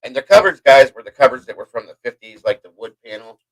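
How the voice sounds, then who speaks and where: A man hosting a live stream, telling a long personal story in a rambling, profane, animated way. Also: mid-range voice, fast talker, rough recording. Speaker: host. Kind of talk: livestream storytelling.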